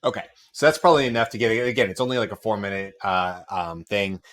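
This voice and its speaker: A man's voice: fairly low pitch, steady tone, quick pace, fairly bright tone. A man hosting a casual talk show, joking at his own expense in a playful way. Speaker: host. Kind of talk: casual chat.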